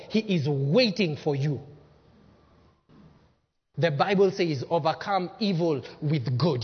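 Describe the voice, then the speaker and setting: A man preaching a sermon as pastor, acting out quotes and swinging from loud to hushed. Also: very high-pitched, husky. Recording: dull lo-fi sound with long hall reverb.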